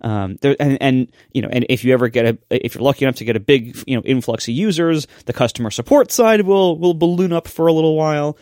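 A man co-hosting a casual podcast, chatty and quick to laugh, with many fillers. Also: mid-range voice, darkish tone, dry recording, clean studio sound. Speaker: podcast co-host. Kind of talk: casual podcast chat and host-read ad.

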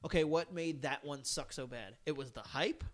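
High-voiced man chatting casually about beer. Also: normal speed. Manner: rambling, restarts often, laughs while talking. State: has the hiccups. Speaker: podcast co-host. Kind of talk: casual chat.

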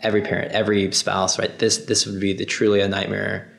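A man with a low, gravelly voice hosts an interview. He asks his questions in a relaxed, sympathetic way. The room around him rings with echo. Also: fast talker. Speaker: interview host. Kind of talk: casual interview. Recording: roomy echo.

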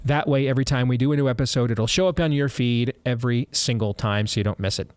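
Talk radio host, male, mid pitch, loose rambling delivery with asides, dry close mic. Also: fast talker, few pauses, a little mellow, clear, resonant tone, no echo. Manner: rambling, self-interrupting, chuckling asides. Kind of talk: casual talk radio chat and ad read.

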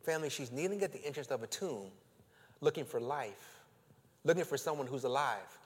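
A male pastor preaching a sermon, leading his congregation in call and response with slow, drawn-out emphasis. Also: medium pitch, lively intonation. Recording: long reverb of a church hall.

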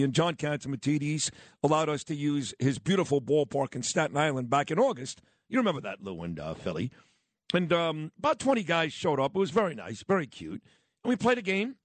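A man's voice: on the high side, no room sound. A man hosting talk radio, chatting in a rambling way with offhand asides. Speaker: radio host.

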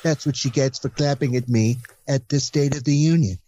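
A man's voice: medium pitch, moderate pace, mellow, lightly acted. A man putting on the voice of a brash, boastful male politician who brags and trades childish insults. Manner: bragging, repetitive, childish insults.

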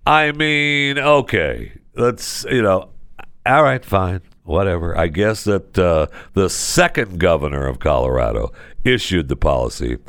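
A man's voice: low-pitched, expressive, a little slow, fairly bright tone, no room sound, studio quality. A man hosting a podcast in casual talk, jokey and rambling, reading an ad in his own loose way and teasing himself. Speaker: podcast host.

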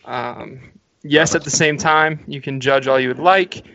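A man's voice: a little high, fairly even intonation, a little slow, bright, forceful tone, low-quality recording. A man co-hosting a casual podcast, chatting and laughing easily while having a drink at home. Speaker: podcast co-host.

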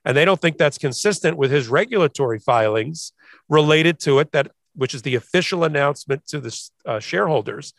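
A man's voice: a little high, a little fast, creaky, dry recording. A man who is a lawyer co-hosting a podcast, giving emphatic legal commentary and acting out the people he quotes. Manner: energetic, emphatic, mimics quoted voices.

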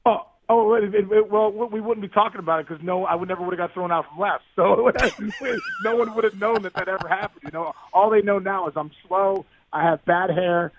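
A man telling a long sports story in a podcast interview, animated and tumbling over his words with restarts. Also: sits high, a little fast, few pauses, a little hiss or hum. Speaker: guest, former baseball player. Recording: dry, phone-like line.

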